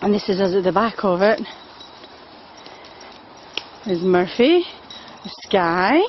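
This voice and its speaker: A woman filming on her phone while walking a pack of dogs outdoors, chatting and calling to the dogs in a high sing-song voice. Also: highs cut off, slight background noise. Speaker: dog daycare walker filming a walk. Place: outdoors in woods and fields by a loch. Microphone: phone camera held while walking.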